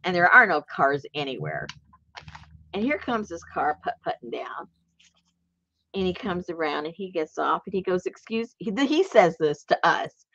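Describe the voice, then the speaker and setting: A woman's voice: on the low side, moderate pace, muffled recording. A woman telling a long personal story in casual chat, rambling and laughing as she goes. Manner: rambling, animated, laughs while telling stories. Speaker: crafter and channel host.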